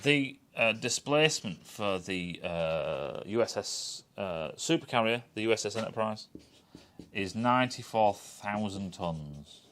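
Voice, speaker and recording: A man rants through a casual review in a lowish voice that swings widely up and down. He swears freely, mocks what he describes and keeps restarting his sentences. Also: lively intonation, unhurried, fairly bright tone. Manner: sweary and scornful, rambling with many restarts. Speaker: TV critic.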